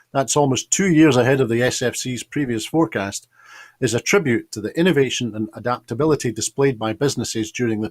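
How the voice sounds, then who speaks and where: A man presenting the news, questioning a guest and reading a bulletin in a measured, steady way. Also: medium pitch, no echo.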